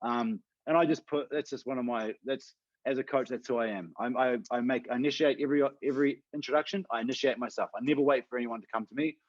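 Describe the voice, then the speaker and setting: A man talking quickly and earnestly, a coach co-hosting a podcast in relaxed conversation. His voice sits close and dry on the mic, with a slightly dull, lo-fi tone. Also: mid-range voice, dry recording. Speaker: podcast co-host, fitness coach. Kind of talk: casual chat.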